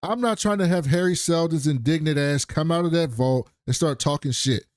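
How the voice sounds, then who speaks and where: A man's voice: on the high side, normal speed, no room sound, clean studio sound, voice pushed up, close to an everyday voice. A man mimicking a smug, power-hungry mayor who scoffs dismissively. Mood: scoffing.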